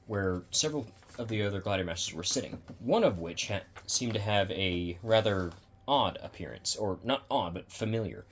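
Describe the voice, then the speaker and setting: A man reading his own fan story aloud, in a halting way with many restarts and self-corrections. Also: lowish voice, slight background noise. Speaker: fan fiction narrator.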